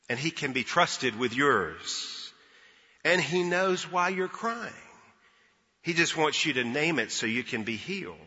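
A pastor gives an Easter sermon in a church sanctuary, his voice very bright, forceful, slightly rough, and a touch higher than most. He tells the story earnestly, leaning on pauses. The recording is dull and lo-fi, with a long hall reverb.

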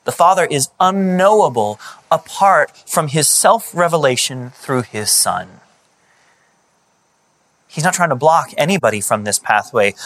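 A man delivering a sermon in an animated, conversational way. He retells scripture as though the figures were talking today, his voice sitting at an everyday middle pitch. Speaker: preacher.

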